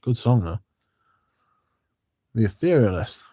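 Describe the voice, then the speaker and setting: A man's voice: lowish voice, takes it slowly, slightly rough, dry recording, clean studio sound. Laid-back man chatting on a livestream. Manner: relaxed, rambling, chatty with fillers. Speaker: fragrance livestream host. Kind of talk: casual livestream chat, reading comments.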